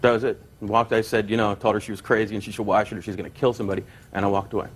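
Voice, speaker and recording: A man's voice: lowish voice, little pitch movement, racing, breathy edge. A man testifying in a courtroom, telling a long story and acting out quotes. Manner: rambling storyteller, quoting with gusto. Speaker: plaintiff.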